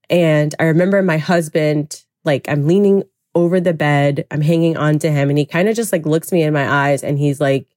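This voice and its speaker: Low-voiced woman telling a personal story. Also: steady tone, moderate pace, hardly any pauses, a little mellow, dry recording, studio quality. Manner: candid, reflective, heavy use of "like". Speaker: podcast guest. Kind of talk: personal storytelling in a podcast interview.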